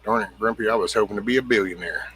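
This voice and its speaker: A man's voice: fairly low pitch, quick pace, a bit bright, slight background noise. A middle-aged man hosting a casual livestream, rambling bluntly, swearing freely and greeting viewers by name. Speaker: livestream host. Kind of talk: casual livestream chat reading comments.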